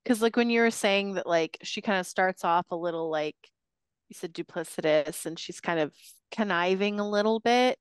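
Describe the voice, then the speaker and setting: A woman with a smooth, clear voice co-hosts a podcast in relaxed chat. She is agreeable and often murmurs along. Her sound is dry and close-miked. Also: fairly low pitch, moderate pace, no echo. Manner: agreeable, frequent backchannel murmurs. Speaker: podcast co-host. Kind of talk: casual chat.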